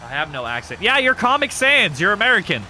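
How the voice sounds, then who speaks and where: A man hosting a live stream, chatting casually and excitably with viewers, joking and swearing freely. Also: high-pitched, fast, faint music behind. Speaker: streamer hosting a wrestling show.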